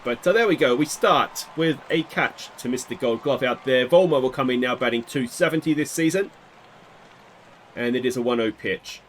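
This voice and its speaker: A man giving casual play-by-play commentary on a baseball video game he is playing, with bursts of excitement on big hits. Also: mid-range voice, normal speed, a little hiss or hum. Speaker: gaming video host.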